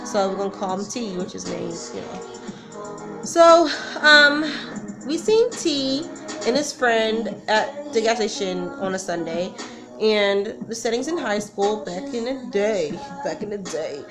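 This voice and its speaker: A woman's voice: medium pitch, expressive, takes it slowly. A woman telling a personal story in a casual vlog, rambling, nervous and emotional, often breaking off mid-sentence. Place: at home with a song playing. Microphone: camera mic. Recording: music playing loudly in background.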